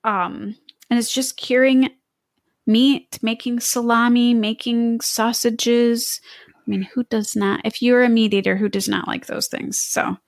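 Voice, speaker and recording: A woman co-hosts a podcast, talking in a chatty, enthusiastic way and making fun of herself. Her voice sits a little high. The recording is dry and close-miked. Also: steady tone, measured pace, creaky, dry recording. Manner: chatty, enthusiastic, self-deprecating. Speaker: podcast co-host. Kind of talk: casual chat.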